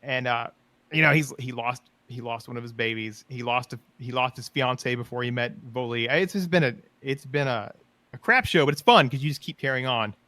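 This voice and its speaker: A man's voice: medium pitch, brisk, pushed and bright, no room sound. A man co-hosting a podcast who tells rambling, enthusiastic stories in a casual chat about roleplay. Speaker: podcast co-host.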